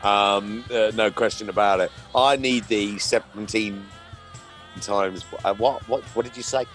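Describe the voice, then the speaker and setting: A man's voice: fairly low pitch, fairly even intonation, unhurried, fairly bright tone, faint music behind. Laughing, stammering male podcast co-host. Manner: laughs often, stammers and restarts. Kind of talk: casual chat.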